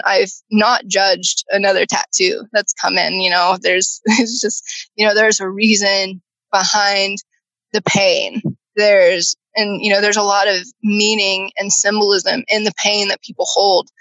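A woman's voice: medium pitch, fairly bright tone, no room sound, low-quality recording. A woman, a tattoo artist and healer, talking in a podcast interview, earnest and rambling with many fillers. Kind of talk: podcast interview, casual storytelling.

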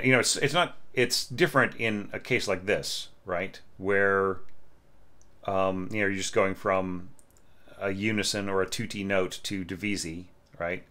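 A man's voice: low-pitched, steady tone, unhurried, pushed and bright. Chatty man humming melodies. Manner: loose and chatty, full of fillers, hums melody lines aloud. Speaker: orchestration teacher reviewing a student score. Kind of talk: casual spoken critique.

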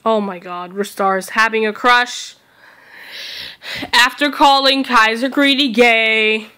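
A young woman reacting out loud to a video she is watching, excitable and giggly, talking back at the screen. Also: on the high side, takes it slowly, smooth. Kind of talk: casual reaction commentary.

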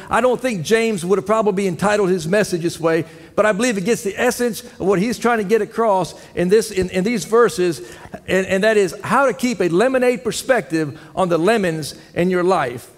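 A man preaching a folksy sermon to his church, telling jokes and asking the congregation questions. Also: high-pitched. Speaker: head elder preaching. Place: church sanctuary. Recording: long church hall reverb.

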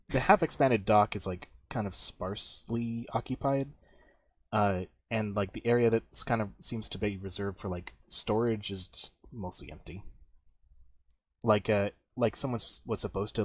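A man's voice: lowish voice, normal speed, slightly rough, dry recording. A man narrating as game master of a tabletop game, rambling with lots of fillers and restarts.

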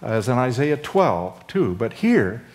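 Older male professor for a chapel sermon: unhurried delivery, expressive rise and fall, lifts his voice to stress key words. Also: medium pitch. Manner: slow and deliberate, with frequent uh and um, voice lifting for emphasis; acts out dialogue between Moses and God. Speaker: seminary professor.

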